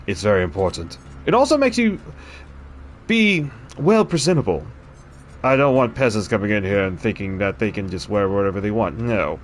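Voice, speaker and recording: A man's voice: lowish voice, sing-song, normal speed, slight background noise, voice pushed down. A man voicing a haughty king who gives pompous, commanding orders to his castle staff.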